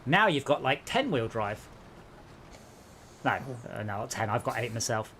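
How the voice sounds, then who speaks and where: Lively, chatty gaming streamer man. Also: medium pitch, moderate pace, slight background noise. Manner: chatty, joking, self-deprecating. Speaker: streamer playing co-op driving game. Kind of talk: casual gaming chat.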